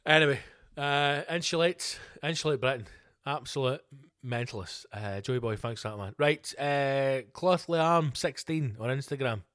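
A man's voice: medium pitch, lively intonation, normal speed, a bit bright, dry recording, studio quality. A Scottish man hosting a podcast, delivering a sweary, mock-outraged comedic rant. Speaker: podcast host. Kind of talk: ranting comedic podcast monologue.

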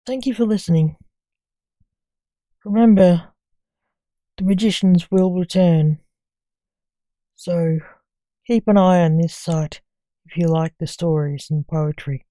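A woman reading a story aloud in a slow, measured way. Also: fairly low pitch, warm tone, no room sound. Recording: muffled dry recording.

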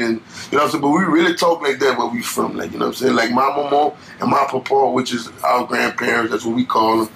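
A man's voice: mid-range voice, gravelly, a bit bright, a little hiss or hum, low-quality recording. A young man from Louisiana with a Louisiana accent, a guest chatting casually in a laid-back, rambling way full of fillers. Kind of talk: casual interview chat.

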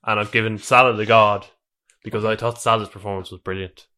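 A man co-hosting a football podcast, relaxed and rambling, often correcting himself. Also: lowish voice, fairly quick. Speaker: podcast co-host. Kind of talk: casual football chat.

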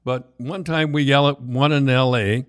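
An older man telling rambling, animated anecdotes in casual chat, with many restarts and laughs. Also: medium pitch, moderate pace, no echo, clean studio sound. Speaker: storyteller co-host.

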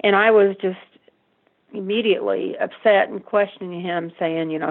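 An older woman, a mother, recalling in halting, stuttering speech how she learned her son was involved in a crime. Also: medium pitch, steady tone, vocal fry. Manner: halting, stuttering, many restarts. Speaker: mother of the convicted man, interviewee. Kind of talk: emotional personal recollection. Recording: tinny phone line.

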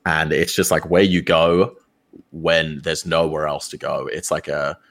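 A young man, a streamer telling a story in casual chat, animated and full of swearing. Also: very deep voice, measured pace. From Australia. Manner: animated, swears a lot, acts out quoted voices.

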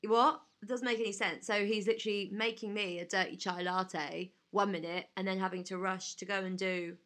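A woman co-hosting a casual podcast in a bright, forceful voice. She chats loosely, swears casually and drops playful asides. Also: medium pitch, flat delivery, a little fast. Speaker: podcast co-host. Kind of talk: casual chat.

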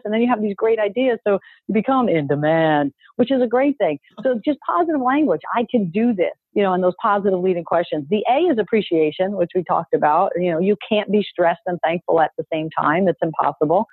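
Over dry, tinny, phone-like call audio, a woman coach delivers an upbeat, emphatic motivational talk and coaxes listeners to repeat phrases after her. Her voice is mid-range and husky, her pace brisk, with no room sound.

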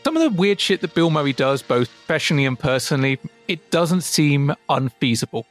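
A man co-hosts a podcast with blunt, sweary, wry remarks. His voice sits slightly high for a man. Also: lively intonation, a little fast, soft background music. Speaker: podcast co-host. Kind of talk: casual chat.

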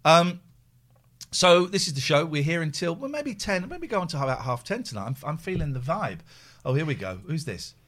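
A man's voice: fairly high pitch, very animated, normal speed, a bit bright. A man hosting a live show in casual chat, with a jokey, rambling manner. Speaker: show host.

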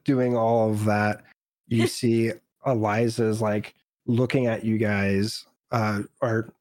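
A man's voice: lowish voice, little pitch movement, slow pace, a little mellow, no room sound, studio quality. A man narrating a tabletop game as dungeon master, in a loose, filler-heavy way.

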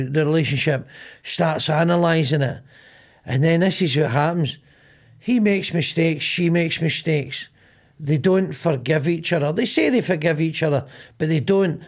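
A middle-aged man with a Glaswegian Scottish accent hosting a podcast, telling rambling, sweary stories and acting out both sides of arguments. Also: fairly high pitch. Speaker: podcast host. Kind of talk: casual comedic chat.

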